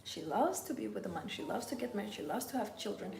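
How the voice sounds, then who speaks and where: A woman's voice: mid-range voice, expressive, fast, creaky, darkish tone, slight background noise. A woman giving a live-stream coaching talk in an intimate way, often dropping to a whisper. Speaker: femininity coach. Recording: roomy with background music.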